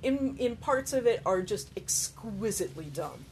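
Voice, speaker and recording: A woman's voice: mid-range voice, sing-song, normal speed, a little mellow, a little hiss or hum. A woman chatting casually about a movie, rambling with fillers and amused asides, sounding tired. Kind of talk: casual film chat.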